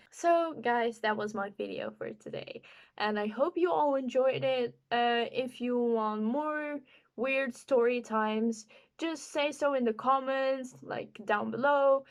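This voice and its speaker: Young woman vlogger, slightly high voice, chatty rambling storyteller. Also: unhurried. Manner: rambling, animated, filler-heavy storytelling. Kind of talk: casual storytime monologue.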